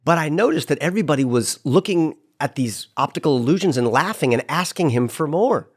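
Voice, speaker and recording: A man guest in casual podcast chat, telling a story with lively voiced-out quotes. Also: on the high side, brisk. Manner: animated storyteller, acts out quoted lines.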